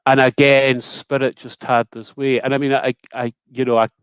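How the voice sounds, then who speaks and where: A Scottish man speaking as a guest on a video call, talking casually and haltingly, often repeating his words. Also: mid-range voice, flat delivery, smooth, dry recording. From Scotland. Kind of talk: casual conversation.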